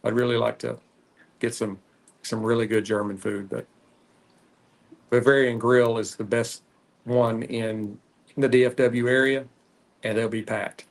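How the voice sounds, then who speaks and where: A man with a Texan country drawl talks through his cigar podcast in an unhurried, rambling way. His voice has a gravelly, fry-laden edge and sits in a middle pitch, and he drifts between topics with frequent filler pauses. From Texas. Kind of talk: casual solo chat while smoking.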